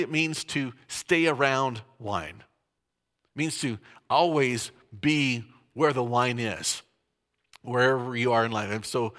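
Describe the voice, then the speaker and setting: A man's voice: medium pitch, a bit bright. A male pastor giving a sermon in a conversational way, with joking asides. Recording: long hall reverb.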